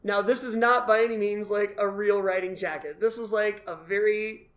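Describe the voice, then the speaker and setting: A man as the guest, telling his story in an animated, self-deprecating way and acting out his own past thoughts. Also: high voice, moderate pace. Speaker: guest, costumed charity volunteer. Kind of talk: casual storytelling in a conversation.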